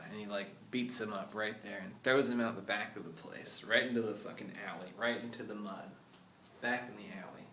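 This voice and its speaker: Rambling, profane man pitching a story. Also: brisk, pushed and bright, reverberant, slight background noise. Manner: rambling, profane, laughs often. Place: studio.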